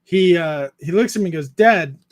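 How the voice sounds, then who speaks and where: A man's voice: on the high side, brisk, darkish tone. A man in his thirties hosting a casual creator chat, laid-back, swearing freely and laughing often as he tells stories. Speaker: podcast host interviewing a YouTuber.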